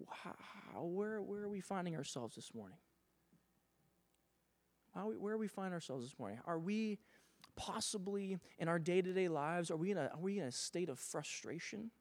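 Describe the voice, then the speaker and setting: A young man, a pastor, preaching a sermon in an animated way and acting out the voices of the people he talks about. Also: high voice. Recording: long reverb of a church hall.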